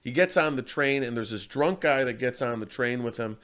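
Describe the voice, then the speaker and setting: An earnest man talks about martial arts in a casual interview, with a voice of ordinary pitch. He rambles through stories, often restarting his sentences. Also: normal speed, a bit bright.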